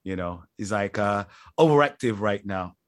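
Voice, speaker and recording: A man's voice: fairly low pitch, animated, moderate pace, no room sound, studio quality. A man co-hosting a podcast in casual chat, rambling and joking and often breaking into laughter. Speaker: podcast co-host.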